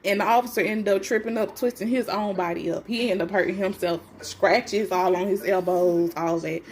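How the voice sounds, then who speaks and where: A woman's voice: mid-range voice, steady tone, moderate pace, darkish tone. A pregnant woman telling her own story in casual talk. She is blunt and defiant, swears freely, and acts out other people's lines in shifted voices. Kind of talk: casual first-person storytelling.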